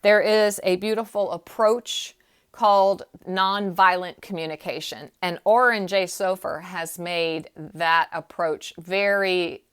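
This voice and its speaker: A woman's voice: lowish voice, steady tone, slow pace, clean tone. A woman coach talking through emotional health in an earnest, emphatic way, her voice jumping up on key points. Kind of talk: casual teaching talk.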